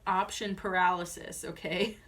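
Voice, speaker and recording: A woman's voice: lowish voice, fairly even intonation, a little slow, fairly bright tone. A woman doing a casual tarot reading, chatty and full of fillers, often breaking into giggles. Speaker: tarot reader. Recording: voice a bit far from mic, faint noise.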